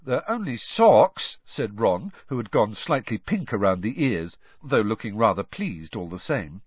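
A man's voice: on the low side, moderate pace, breathy edge, no echo. Man reading a storybook aloud. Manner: expressive storytelling. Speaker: narrator. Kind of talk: audiobook reading with character voices. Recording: dull dry lo-fi.

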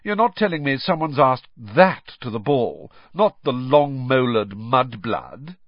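A man voicing a sneering teenage schoolboy bully with a slow, contemptuous drawl in an audiobook reading. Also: mid-range voice, lively intonation, dry recording. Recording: dry, slightly muffled.

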